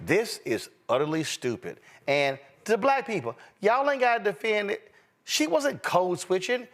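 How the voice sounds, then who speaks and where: Man, host, emphatic, high voice, very lively pitch. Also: unhurried. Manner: emphatic, preacher-like cadence. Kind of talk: live political commentary.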